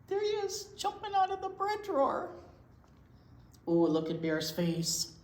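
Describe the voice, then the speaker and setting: A woman reads a picture book aloud to young children, slow and unhurried. Her pitch rises and falls in a lively way as she points out the pictures. The voice rings in a roomy, echoing space. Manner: unhurried, expressive reading to young kids. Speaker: children's librarian. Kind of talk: children's read-aloud storytime. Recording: roomy echo.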